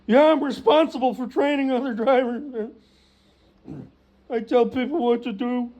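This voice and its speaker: A man mocking a young man who brags eagerly and loudly to his mother. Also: extremely high pitch, steady tone, unhurried, voice pushed up. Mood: boastful. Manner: boastful, eager, loud.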